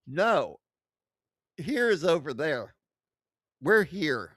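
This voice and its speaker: A man's voice: on the high side, sing-song, takes it slowly, pauses often, fairly bright tone, dry recording. A man hosting a livestream, reading chat aloud and mocking it, swearing and laughing often, close to his desk mic. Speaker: livestream host.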